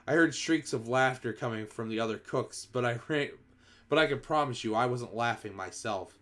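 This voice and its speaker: A man's voice: medium pitch, normal speed, a bit bright. A man reads a children's book aloud on a livestream, telling it in the first person. He reads expressively in a mid-range voice and often backs up to restart a phrase. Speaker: streamer reading a book aloud. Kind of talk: first-person storybook reading.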